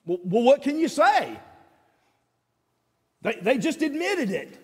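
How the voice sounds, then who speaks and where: A preacher with a high, lively voice that swings widely in pitch. He talks conversationally and keeps quizzing the congregation. The long echo of a large hall trails behind each phrase. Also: fairly quick. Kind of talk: sermon.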